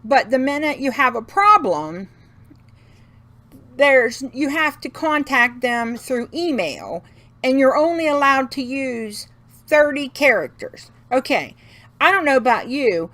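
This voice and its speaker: A woman's voice: high voice, sharp tone, no room sound. A middle-aged woman hosting a craft video, talking in a casual, folksy way and venting with frequent laughs. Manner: talkative, folksy, laughs often while venting. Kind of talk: casual chatty vlog rant.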